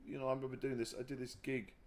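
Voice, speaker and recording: A man talking candidly as an interview guest, often pausing and restarting his sentences before warming into animated storytelling. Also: medium pitch. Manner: halting, restarts sentences, then grows animated telling anecdotes. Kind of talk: casual reflective conversation. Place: livestream conversation.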